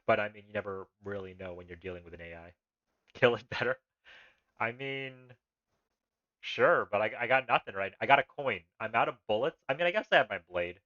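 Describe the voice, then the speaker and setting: Guy streaming a text adventure, reads it out and rambles, kinda low voice, dry muffled sound. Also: a bit bright, no echo. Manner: rambling asides with laughs and restarts. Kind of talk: live-streamed text adventure, reading and commenting.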